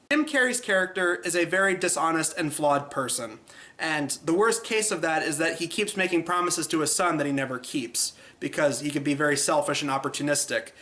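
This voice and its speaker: A man's voice: a little high, bright, forceful tone. A man hosting a casual film review, chatty and exasperated, acting out scenes as he goes.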